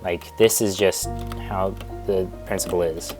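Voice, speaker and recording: A man's voice: low-pitched, fairly even intonation, a little slow, over music. A young man casually telling a rambling school story in a storytime vlog, digressing and restarting often. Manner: rambling, digressive, self-interrupting.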